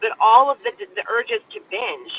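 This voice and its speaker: A woman's voice: high voice, sing-song, normal speed, a crowd in the background. A woman hosting a casual interview, asking questions and sharing her own story in an earnest, open way. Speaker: interview host. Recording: tinny phone-like line with faint hiss.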